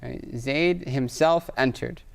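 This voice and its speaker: Slow and creaky, at a medium pitch, a man's voice guides a recorded online lesson on Arabic grammar. He reads Arabic examples out loud, explains with patience, and checks in regularly with "right?".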